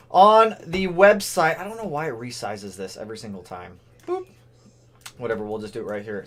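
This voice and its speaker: A man hosting a car livestream, chatting casually and excitedly calling out viewers' names. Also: medium pitch. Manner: excitable, shouts out chat names. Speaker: car channel host.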